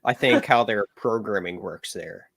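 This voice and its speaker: A man co-hosting a casual fan review chat, animated, with hesitant restarts. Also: fairly low pitch, a little slow, vocal fry, slightly rough. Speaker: podcast co-host.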